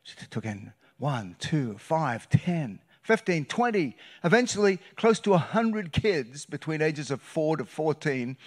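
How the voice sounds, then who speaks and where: A man preaching a sermon as a guest pastor, telling a story with loud bursts and hushed, quiet passages. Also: on the high side, measured pace, hardly any pauses. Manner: animated, shifts between loud bursts and hushed retelling. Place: church sanctuary.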